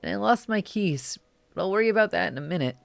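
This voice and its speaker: A streamer voicing a tearful young adult confiding in their mother on the phone, in a soft, shaky, pleading voice. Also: medium pitch, lively intonation, fast, gravelly, dry recording, pitched above the performer's own voice. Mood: vulnerable.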